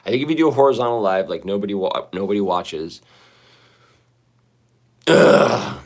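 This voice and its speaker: His voice sits on the low side with lively intonation and a quick pace, though it's hoarse and shaky as if he oversang last night. Phone in hand in the bathroom, this livestreamer rambles to chat, restarting sentences and swearing casually.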